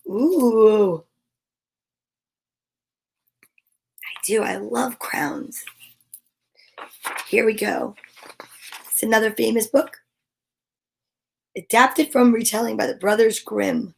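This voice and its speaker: A woman reads a children's fairy tale aloud in a slow, playful way, stopping for friendly little asides. Her voice sits somewhat high and she takes her time over each line. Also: vocal fry, darkish tone, husky. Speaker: storyteller host.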